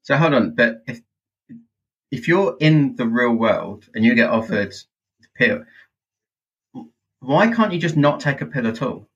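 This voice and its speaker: Wry man with a husky voice. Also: medium pitch, big pitch swings, a little slow, pauses often, a bit bright, dull audio. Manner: wry, teasing questioner. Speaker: podcast co-host. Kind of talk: casual chat.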